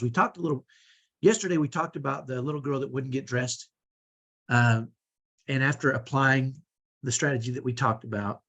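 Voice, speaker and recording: A man's voice: mid-range voice, slightly rough. A man coaching parents, telling a personal story in an earnest, conversational way with many restarts. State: sore shoulder. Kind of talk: teaching talk with personal stories.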